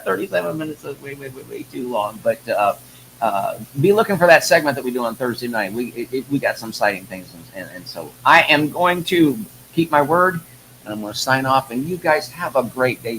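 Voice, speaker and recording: A man's voice: mid-range voice, expressive, moderate pace, a bit bright, a little hiss or hum, low-quality recording. A man hosting a live online show, talking to viewers in a folksy, rambling way that breaks into heated rants. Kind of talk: live-stream political commentary.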